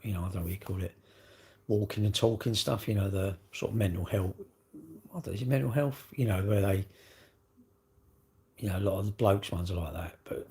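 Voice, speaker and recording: An English man in middle age chats on a casual livestream with a gravelly, low voice. He rambles along with plenty of tag questions. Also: darkish tone. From England. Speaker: livestream host.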